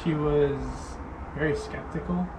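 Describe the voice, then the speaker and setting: A man's voice: a little high, fairly even intonation, unhurried. A man from Oregon casually telling a long story, rambling and full of "like" fillers. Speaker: local farm resident telling a story. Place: outdoors on a farm. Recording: noisy outdoor recording.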